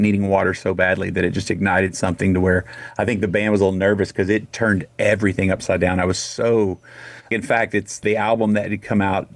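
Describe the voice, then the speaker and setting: Low-voiced man, rambling radio guest. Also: no echo. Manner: rambling, retells conversations in quotes. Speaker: guest, singer. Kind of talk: casual interview storytelling.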